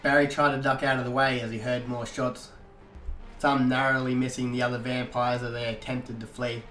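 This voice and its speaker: A man narrating an audiobook-style story in a steady storytelling manner. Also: medium pitch, moderate pace. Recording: echoey room, faint guitar music.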